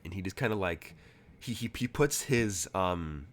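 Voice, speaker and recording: A man's voice: low voice, animated, measured pace. A man narrating as game master, rambling with many fillers and restarts.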